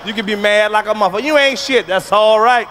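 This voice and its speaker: Brief: male stand-up comic, very high voice, brash and profane, faint noise behind him. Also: fast talker. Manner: brash, profane, with sudden shouted bursts. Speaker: stand-up comedian. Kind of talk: stand-up comedy routine.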